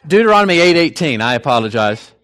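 A man's voice: fairly high pitch, very animated, fast, a bit bright, dry recording. An older man preaching a sermon in a conversational, storytelling way, with folksy asides between scripture points.

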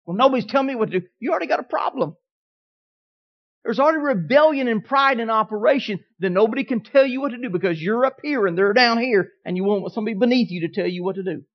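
Man, pastor, folksy sermon storyteller with big swings in loudness; dull lo-fi recording. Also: extremely high pitch, quick pace.

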